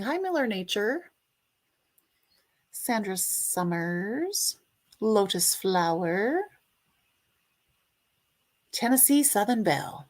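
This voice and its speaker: A woman's voice: medium pitch, big pitch swings, extremely slow, long pauses, a little mellow. A woman hosting a casual livestream, chatting and greeting viewers by name, sometimes singing a snippet. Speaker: livestream host.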